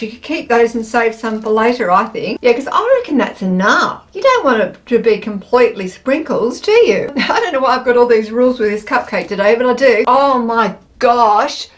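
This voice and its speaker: A young woman chatting casually in a taste-test vlog, bubbly and gushing, breaking into excited squeals. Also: on the high side. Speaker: food taste-test vlogger.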